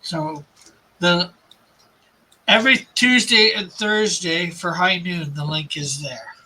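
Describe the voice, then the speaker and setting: A man's voice: high-pitched, slow pace, bright, forceful tone, poor audio. A man hosting a casual comics livestream, explaining things in a rambling way with fillers and restarts.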